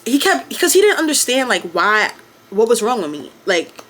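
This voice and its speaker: A young woman telling a casual storytime, quick and profane, full of "like" and acted-out quotes. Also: on the high side, big pitch swings, a bit bright, slight background noise. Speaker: vlogger.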